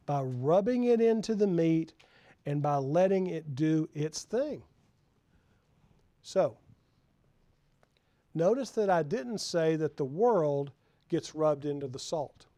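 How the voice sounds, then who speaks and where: A man preaching in a church, chatty and direct as he keeps asking his congregation questions. His voice sits fairly high but sounds mellow and dark. The sound is dry and close, with no room echo. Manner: conversational, asks the congregation questions. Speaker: pastor. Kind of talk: sermon.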